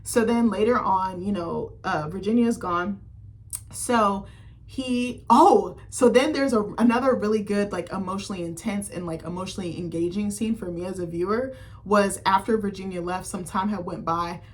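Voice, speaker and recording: A woman's voice: mid-range voice, moderate pace. A woman giving a casual, profane film recap as a critic vlogger, full of fillers like "like" and "um". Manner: chatty, profane, heavy on fillers like "like" and "um".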